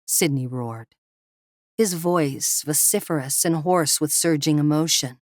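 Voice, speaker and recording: A woman narrating a thriller audiobook with steady, dramatic storytelling. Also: low-pitched, a little slow, no echo, studio quality. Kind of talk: scripted narration.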